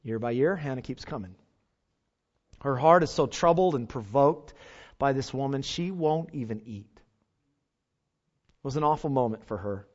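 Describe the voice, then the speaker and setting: A man's voice: mid-range voice, expressive, measured pace, long pauses, darkish tone. A male pastor, preaching an earnest sermon and putting rhetorical questions to his congregation, on a dull lo-fi recording.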